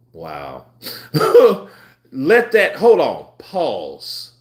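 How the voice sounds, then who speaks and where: With a fairly low, expressive voice, a man in his twenties speaks at a measured pace with long pauses. Hosting a live stream, he chats casually, laughs often, and drifts through laid-back, rambling stories.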